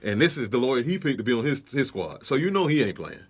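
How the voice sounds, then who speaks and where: A man's voice: medium pitch, big pitch swings, quick pace, slight background noise. A young man co-hosting a podcast in casual chat, laid-back with many fillers and restarts. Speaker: podcast co-host.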